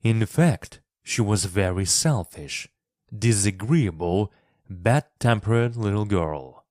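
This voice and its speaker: A man reads a classic children's story aloud for English learners, his voice low and his pace slow and deliberate. He is expressive and clear, with every word easy to follow. The recording is close and dry. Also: no room sound. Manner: expressive, clearly paced reading. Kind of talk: scripted narration for English learners.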